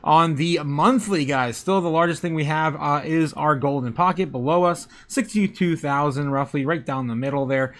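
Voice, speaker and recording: A man's voice: fairly high pitch, normal speed, hardly any pauses, fairly bright tone. Chuckling man hosting a crypto stream. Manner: chuckles often, greets chat by name, repeats phrases. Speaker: crypto livestream host. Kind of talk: casual live chat and chart commentary.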